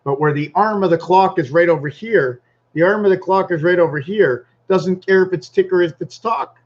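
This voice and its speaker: A man's voice: high voice, normal speed, highs cut off. A man rambling in a casual vlog monologue at home, thinking aloud and wandering from topic to topic. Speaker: vlogger.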